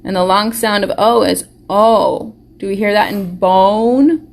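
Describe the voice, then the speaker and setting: A woman teaching a live online phonics lesson to young children, slowly sounding out words and praising them warmly. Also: mid-range voice, fairly even intonation, vocal fry. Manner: slow, encouraging, sounds words out carefully. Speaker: preschool teacher. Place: school or home classroom, live stream.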